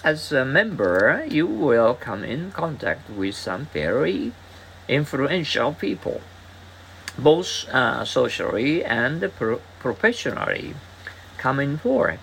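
A man teaching English reads short practice dialogues aloud at an unhurried pace. He stops often to hesitate and fill gaps. His pitch rises and falls a great deal as he moves between the lines. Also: sing-song, gravelly, a bit bright, a little hiss or hum, rough recording. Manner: halting, with frequent hesitation fillers. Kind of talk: reading example dialogues aloud.

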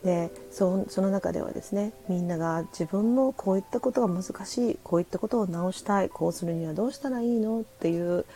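A woman's voice: mid-range voice, very fast, few pauses, mellow, poor audio. A woman with a Japanese accent, hosting a casual live audio chat, talking with lots of fillers and switching between English and Japanese. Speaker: host.

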